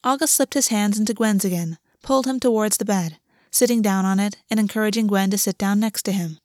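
A woman narrating a story aloud in a steady, even reading voice. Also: mid-range voice, brisk, dry recording, clean studio sound. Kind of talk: audiobook reading.

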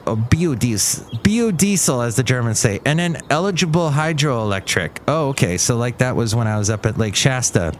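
A man hosting his own show in an easygoing, rambling monologue. He thinks aloud and drifts from one thought to the next. His voice sits at an ordinary middle pitch. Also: expressive, brisk, hardly any pauses, slight background noise. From California. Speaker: host.

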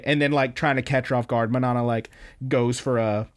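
A man's voice: mid-range voice, little pitch movement, normal speed, clean tone. A young man hosting an anime podcast, casually recapping episodes with loose, swearing, filler-heavy storytelling. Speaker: podcast host.

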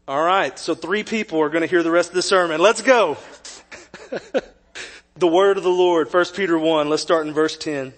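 Pastor man preaching, high-ish voice, joking around then going quiet and serious. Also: moderate pace. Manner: jokey, conversational, swings to quiet earnest tone. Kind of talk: sermon.

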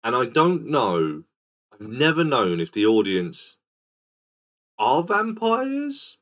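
A man hosting a casual film podcast, retelling scenes in a rambling, animated way. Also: medium pitch, slow. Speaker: podcast host.

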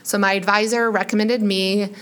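A woman in her late twenties, a high school teacher, chatting casually on a podcast in a classroom, peppering her talk with "like.". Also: little pitch movement, moderate pace, fairly bright tone, clean tone. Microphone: headphone microphone.

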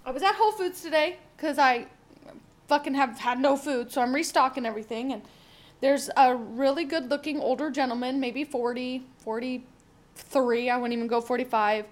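A woman's voice: sits high, normal speed. A young woman talking candidly on her own podcast, rambling and swearing freely as she thinks aloud. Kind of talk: casual solo podcast monologue.

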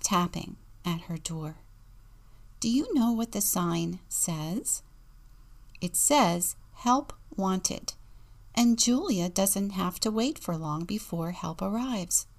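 A woman deacon reads a children's story at an unhurried pace, her voice carrying a gravelly fry. She slips into hushed whispers for the quiet moments and plays up the sound words. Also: mid-range voice. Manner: storytelling, dropping to a whisper for suspense. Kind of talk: reading a children's picture book aloud.

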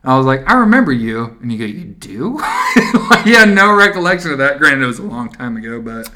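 A man in his thirties co-hosts a casual podcast from a small home studio. His voice is bright and forward, and he rambles through a profane story, jumping into other people's voices as he tells it. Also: medium pitch, fast talker. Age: 30s. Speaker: podcast co-host. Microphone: studio mic.

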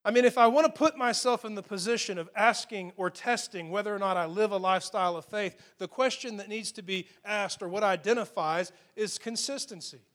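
Male pastor, higher pitch, storytelling sermon delivery with dynamic emphasis. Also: brisk, few pauses, a bit bright. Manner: storytelling preacher, rises and falls for emphasis.

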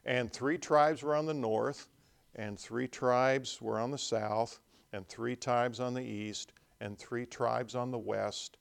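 A man's voice: mid-range voice, fairly even intonation, takes it slowly, gravelly, clear, resonant tone. A man preaching at a conference as pastor, reading scripture aloud and then explaining it with emphasis. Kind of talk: sermon. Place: conference hall.

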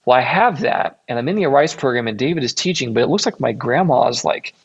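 A man's voice: mid-range voice, expressive, brisk, husky. A young man from Illinois telling a rambling personal story in a casual way, correcting himself often along the way. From Illinois, USA. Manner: rambling, self-correcting, acts out quoted voices. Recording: dull lo-fi recording.

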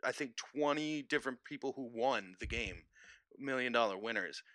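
An easygoing young man chats as a guest over a video call, laughing often. His voice is bright and crisp. The sound is dry and close. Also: mid-range voice, normal speed, no room sound. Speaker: podcast guest. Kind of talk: casual video chat.

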